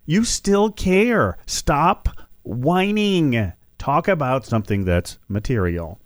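A man hosting a political talk show, giving animated, opinionated commentary and mocking his opponents. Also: mid-range voice, no echo, studio quality.

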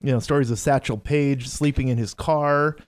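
A man's voice: medium pitch, steady tone, moderate pace. A man chatting casually about baseball, musing about unlikely players who became stars and often falling back on a repeated pet phrase. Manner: musing, repeats "I just sit here and go". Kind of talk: casual sports chat.

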